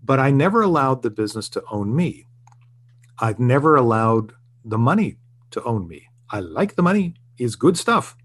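An older man speaks in a relaxed interview, earnest and reflective. He tells his stories with a steady, middle-range voice. He keeps doubling back and restarting his sentences. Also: mid-range voice, moderate pace. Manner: reflective, earnest storytelling with frequent restarts and chuckles. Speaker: guest, TV writer and producer. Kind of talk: casual interview conversation.

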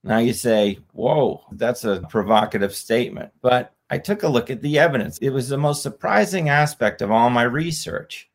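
A slightly hoarse man, an author guest on a podcast, explaining his argument in an earnest way and repeating his phrases. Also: mid-range voice, animated, moderate pace, few pauses. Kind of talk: podcast interview.

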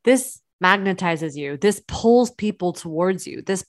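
A woman's voice: fairly low pitch, expressive, measured pace. Chatty encouraging woman podcast host. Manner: chatty and encouraging, addresses listeners as friends. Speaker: podcast host, business coach. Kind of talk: solo podcast talk.

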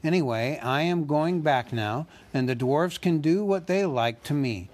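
A man voicing a fussy, polite male hobbit who talks in a businesslike way and squeaks when nervous. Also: expressive, unhurried, a little mellow.

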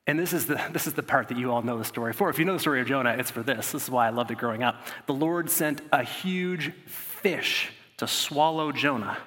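A man's voice: mid-range voice, very fast, few pauses, pushed and bright. A man preaching a sermon, reading scripture and breaking off into casual, conversational asides. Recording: long hall reverb.

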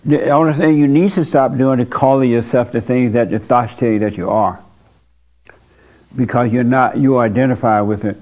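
A man's voice: mid-range voice, steady tone, normal speed, a little mellow. A male pastor speaking to his congregation in a loose, conversational way. His delivery is blunt and folksy, full of casual asides and direct questions to the room. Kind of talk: informal church talk with congregation.

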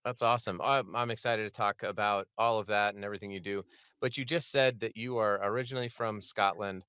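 A man's voice: on the low side, steady tone, fairly quick, bright, forceful tone, clean tone, no echo. Chatty, upbeat male podcast host. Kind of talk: casual podcast interview.

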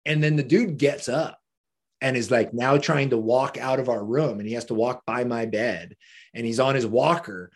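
With a medium-pitched voice at a moderate pace, this podcast guest spins a loose, casual story. He laughs along, curses frequently, and peppers his talk with "like."

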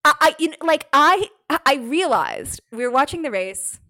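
Animated, lively-voiced woman podcast host. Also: high-pitched, moderate pace, dry recording, rough recording. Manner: animated, swearing, frequent "like", bursts of shrieking laughter. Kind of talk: casual chat.

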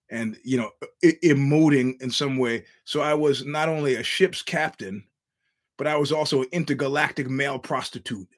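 A man hosting his own podcast, rambling through a wry, chuckling solo monologue with frequent restarts. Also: mid-range voice. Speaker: podcast host.

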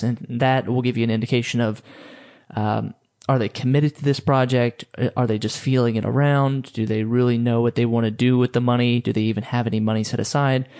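A man's voice: medium pitch, little pitch movement, brisk, darkish tone. Chatty man coaching on sales. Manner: loose and chatty, many fillers and restarts. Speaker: podcast host coaching photographers on sales. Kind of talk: casual instructional talk.

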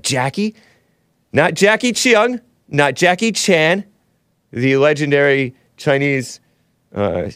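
A man's voice: mid-range voice, no echo, clean studio sound. Sarcastic rambling male show host. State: a little under the weather. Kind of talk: solo political commentary stream.

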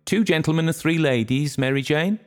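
A man's voice: low voice, normal speed, vocal fry, darkish tone. A man reading a storybook voices a fussy, anxious elderly aunt hosting a party.

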